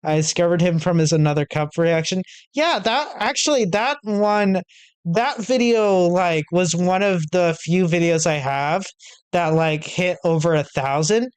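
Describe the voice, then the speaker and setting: A man's voice: high voice, unhurried, clear, resonant tone, no echo. A man streaming a visual novel, chatting casually and self-deprecatingly with his viewers.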